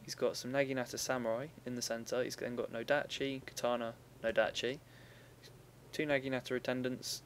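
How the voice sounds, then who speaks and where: A man's voice: mid-range voice, flat delivery, fairly quick, slight background noise. Chatty young man commenting on a game. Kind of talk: casual gameplay commentary.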